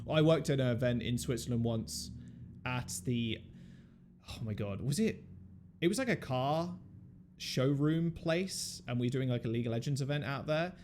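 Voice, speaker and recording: A man's voice: mid-range voice, expressive, moderate pace, darkish tone, slight background noise. Laid-back, swearing Southern English man. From England. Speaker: podcast host. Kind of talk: casual chat.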